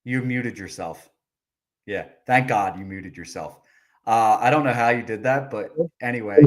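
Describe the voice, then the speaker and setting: A man's voice: on the low side, normal speed. A man co-hosting a podcast over a video call, talking in a level, matter-of-fact way and pushing back on his partner. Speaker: podcast co-host. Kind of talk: casual sports chat.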